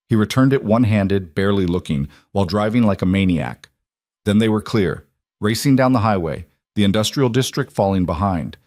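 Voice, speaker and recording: A man's voice: lowish voice, a little mellow, no echo, clean studio sound. A man narrating a crime thriller story in a tense, dramatic way. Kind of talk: scripted audiobook narration.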